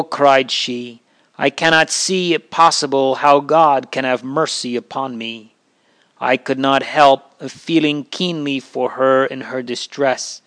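Slow, solemn man reading a memoir. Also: mid-range voice, clear, resonant tone. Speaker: reader. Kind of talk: reading a religious memoir aloud.

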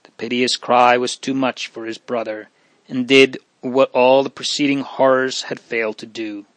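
A man's voice: medium pitch, little pitch movement, moderate pace, no echo, low-quality recording. Man narrating a sad audiobook.

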